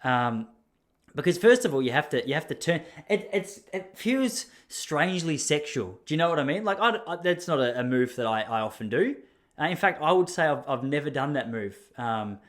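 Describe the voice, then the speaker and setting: A slightly bright, mid-range male voice belongs to an Australian podcast host. In a loose storytelling monologue, he wanders through a story at his own expense, laughing a lot along the way.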